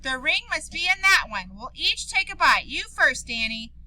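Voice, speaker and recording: A woman's voice: high-pitched, big pitch swings, moderate pace, pushed and bright, no room sound, exaggerated voice. A teacher reading a worried, bossy little girl. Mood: determined. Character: worried young girl, bossy with her cousins. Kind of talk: reading a storybook aloud.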